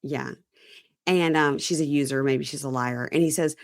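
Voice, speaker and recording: Low-voiced woman chatting about reality TV. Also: moderate pace, dry recording, clean studio sound. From Mississippi. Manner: animated, mimics people she quotes. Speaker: podcast host. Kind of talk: casual chat recapping reality TV.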